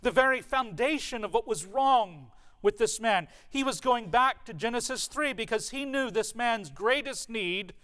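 High-voiced man preaching an earnest sermon. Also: lively intonation, normal speed, a bit bright. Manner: earnest, emphatic preaching with rhetorical questions. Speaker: pastor.

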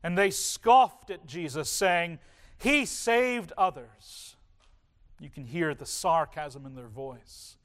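Male pastor, high voice, slow measured sermon delivery with weighty pauses. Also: animated. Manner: slow, deliberate preaching with dramatic pauses.

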